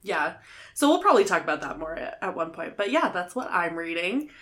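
Young woman podcast co-host, casual and chatty, lower register, laughs easily. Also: very animated, fairly quick, a bit bright. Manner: chatty, laughs often, says "like" a lot. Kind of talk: casual chat.

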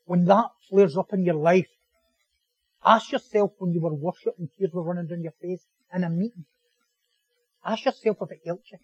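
A man preaching a sermon as pastor, animated and joking, repeating phrases for emphasis. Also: high voice, normal speed, pauses often, husky, no room sound, dull audio.

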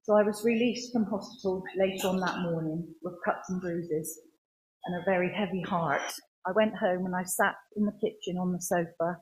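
A woman giving a personal faith testimony in church, speaking earnestly in a halting way with many restarts. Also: on the low side, steady tone, a little mellow, a little hiss or hum, rough recording.

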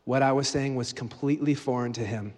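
Guest preacher, male, animated storyteller, medium voice, long reverb in a church hall. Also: medium pitch, fairly quick. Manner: storytelling, acting out dialogue with rising energy. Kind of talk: sermon.

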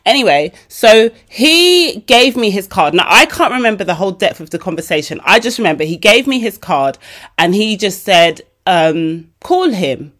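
A woman, hosting her podcast and telling a story casually, chatty and animated as she acts out the dialogue. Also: mid-range voice, moderate pace. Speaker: podcast host.

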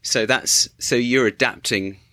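A man's voice: mid-range voice, steady tone, a little slow, pushed and bright, slight background noise. A man hosting a podcast, asking long, winding questions with restarts. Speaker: podcast host. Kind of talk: interview questions.

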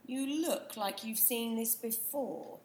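A theatrical, sharp-tongued actress with grand ambitions, played by a woman in a comedic audio play. Her voice sits a little high and carries a roomy echo. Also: slow pace, background noise. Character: dramatic ambitious actress who wants an epic.

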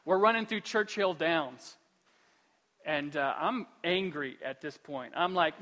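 A male pastor delivers a sermon in a church sanctuary, his voice high and sharply bright. He swings from soft, earnest pleading to loud, animated storytelling. A long hall reverb trails every phrase. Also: unhurried.

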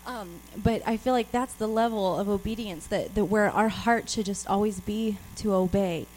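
A woman's voice: medium pitch, moderate pace, a little mellow, slight background noise, rough recording. A woman giving an informal, personal sermon and reading scripture aloud. She speaks out of breath, chatty, with laughs and many restarts. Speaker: preacher.

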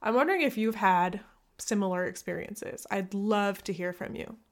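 A woman at a medium pitch talks into a podcast microphone in a candid, reflective monologue. She laughs at herself now and then and slips between hushed, near-whispered asides and brighter bursts. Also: normal speed. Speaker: podcast host, physical therapist.

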